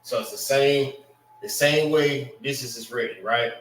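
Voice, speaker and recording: A man teaching a language class, slowly spelling out and repeating words for his students. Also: medium pitch, fairly bright tone. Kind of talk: classroom lesson on pronunciation. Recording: echoey room, mic far off.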